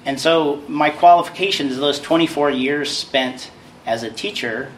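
A man's voice: a little high, a little slow. A man from Montana introduces himself as a candidate, hesitant and full of filler words. He sounds distant, recorded from across a meeting room. Faint background noise sits under him. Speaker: political candidate. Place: community center meeting room. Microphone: no microphone, room sound.

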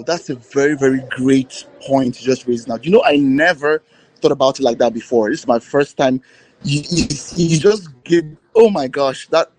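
A man's voice: fairly high pitch, a little mellow, rough recording. A man, a filmmaker, giving rambling interview answers full of fillers and restarts. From Nigeria.

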